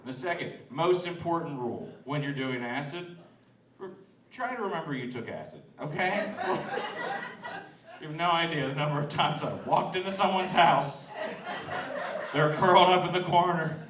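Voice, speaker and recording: Outdoors in front of a restaurant, a stand-up comedian does a loose, laughing open-mic set and teases the crowd. His voice is a little high and moves at a moderate pace. He sounds far from the mic, and the sound is roomy.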